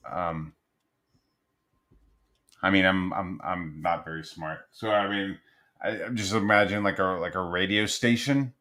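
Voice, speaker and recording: Man, lower voice, laid-back and rambling, casual swearing; friends' chat. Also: unhurried, pauses often, sharp tone. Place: home art studio, on a livestream.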